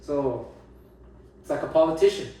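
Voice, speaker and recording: A man's voice: a little high, expressive, normal speed, warm tone. A man, a jazz guitar teacher and host, talking casually and emphatically about playing for an audience, often restarting sentences. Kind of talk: casual talk on music teaching. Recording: roomy echo, distant mic, faint ambience.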